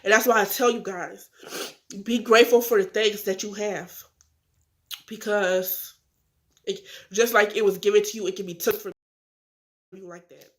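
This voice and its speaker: An eighteen-year-old vlogger opens up to viewers about her life in a casual confessional video, candid and earnest, upset yet holding back tears. Talking straight to the camera, she acts out phone calls. Her mid-range voice is fairly even in intonation, at a moderate pace with frequent pauses.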